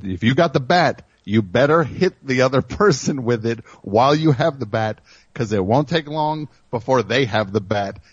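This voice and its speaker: A low-voiced man rambles through a jokey monologue as a radio host, ribbing his crew between stories. The sound is dry and a little dull, close to the mic in a studio. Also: slightly rough, no echo.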